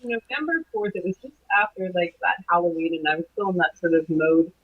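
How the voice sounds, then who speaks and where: A middle-aged woman recounting a strange night in an interview, her voice slightly husky and breathy. She hesitates, fills pauses and restarts her sentences as she goes. The sound is muffled and lo-fi, like a remote call. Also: lowish voice. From Canada. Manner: hesitant, many restarts and fillers. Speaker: guest, anomalies researcher. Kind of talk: recounting a personal experience in an interview. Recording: dull lo-fi call audio.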